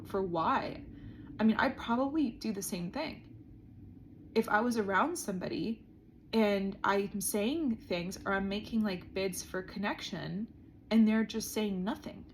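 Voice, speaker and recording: A woman's voice: a little high, slight background noise. Earnest woman in a diary vlog. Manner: earnest, frequent "like" fillers. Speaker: vlogger. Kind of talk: reflective diary monologue. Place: indoors, seated on the floor.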